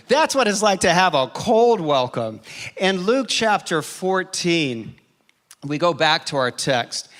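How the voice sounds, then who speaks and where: Male pastor, fairly high and bright voice, lively storyteller in a sermon. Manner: animated storyteller, quick shifts in pace and loudness.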